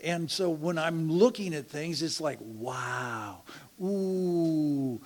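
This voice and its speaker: A middle-aged man telling a church testimony in a slow, halting way, with laughs and hushed asides. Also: on the high side, fairly even intonation. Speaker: church member sharing a testimony.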